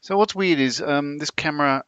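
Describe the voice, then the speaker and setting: A man's voice: fairly high pitch, moderate pace, fairly bright tone, clean tone, no room sound. A man chatting casually on a live stream, rambling along with plenty of ums. His audio comes through muffled and lo-fi, dry, with no room sound. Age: older. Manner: rambling, hesitant, with many ums. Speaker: co-host.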